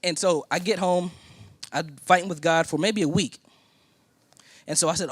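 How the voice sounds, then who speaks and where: A man's voice: sits high, normal speed, long pauses, slightly rough, no echo. A man from Indiana preaching a sermon as a personal story, acting out the other people in it. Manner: animated storytelling, acting out quoted voices. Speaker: pastor.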